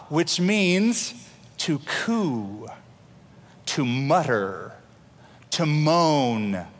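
A middle-aged male pastor delivers a sermon in a chatty, down-to-earth way, slipping into homely asides and sometimes restarting his words. His voice sits a little high for a man. The sound carries a long, ringing reverb from a large hall. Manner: conversational preaching with homely asides and repeated restarts.

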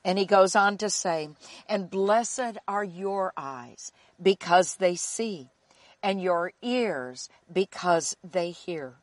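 A woman teaching from the Bible in an earnest sermon, slowing to repeat key phrases for emphasis. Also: fairly low pitch, lively intonation, no room sound.

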